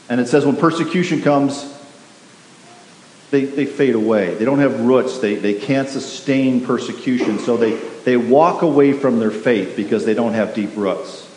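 A man's voice: mid-range voice, a little slow, a little mellow. Man preaching in an echoey hall. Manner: emphatic, repetitive, asks the congregation questions. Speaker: pastor. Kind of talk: sermon. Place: church sanctuary. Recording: echoey hall with faint hiss.

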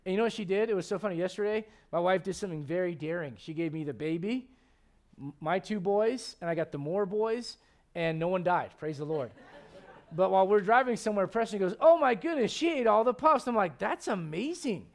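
A man in his thirties, a pastor preaching a lively, conversational sermon with frequent restarts. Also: high-pitched, brisk.

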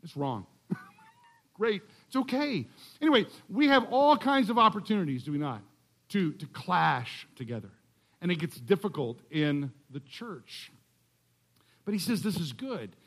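A man's voice: sits high, big pitch swings, unhurried, a bit bright. A man preaching as a guest speaker in a church, explaining a scripture passage in a conversational way with humorous asides. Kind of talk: sermon.

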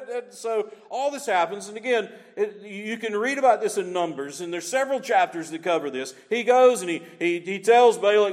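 Emphatic preacher in a reverberant hall. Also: male voice, high-pitched, a little fast, few pauses. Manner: emphatic, repeats key phrases. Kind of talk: sermon.

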